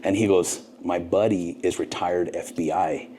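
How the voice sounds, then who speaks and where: A middle-aged man, a podcast guest, telling a long story with lively, profane energy and acting out both sides of the dialogue. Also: low voice, normal speed, slight background noise. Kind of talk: animated storytelling.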